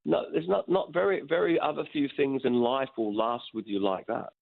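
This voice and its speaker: A middle-aged musician telling frank, rambling stories in a phone interview, swearing freely. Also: male voice, medium pitch, expressive, moderate pace, gravelly. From Australia. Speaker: musician guest. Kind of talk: phone interview, candid storytelling. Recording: tinny phone line.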